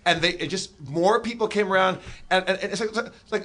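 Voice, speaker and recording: High, bright-voiced man telling a funny story. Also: fairly quick. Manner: animated, acts out the voices of people in the story. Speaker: comedy podcast host. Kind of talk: comedic storytelling on a live podcast.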